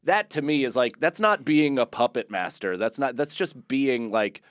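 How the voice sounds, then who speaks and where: A man's voice: mid-range voice, animated, moderate pace, fairly bright tone, clean tone, no room sound, clean studio sound. A man co-hosting a comedy podcast, riffing wryly in casual chat and mocking himself. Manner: wry, sardonic riffing with self-mocking rants. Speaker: podcast co-host.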